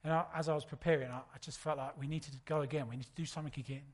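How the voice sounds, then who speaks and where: Conversational preacher, fairly high voice. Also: male voice, fairly even intonation, racing. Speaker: pastor. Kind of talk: sermon.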